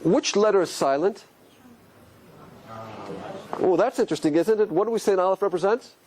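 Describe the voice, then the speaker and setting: A man's voice: sits high, normal speed. A man giving a lecture on Hebrew letters, asking his listeners question after question. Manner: questioning, rhetorical, animated. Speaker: Torah teacher.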